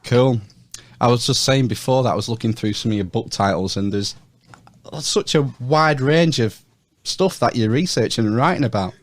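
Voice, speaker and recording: A man's voice: medium pitch, moderate pace, no echo. A man hosting a casual interview podcast, upbeat and jokey, laughing at his own slips. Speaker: podcast host.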